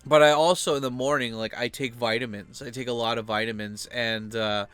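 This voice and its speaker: A man's voice: medium pitch, steady tone, a little fast, a bit bright, clear, resonant tone, no room sound, faint music behind. A young man talking casually on his own channel, rambling loosely with lots of filler words. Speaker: channel host.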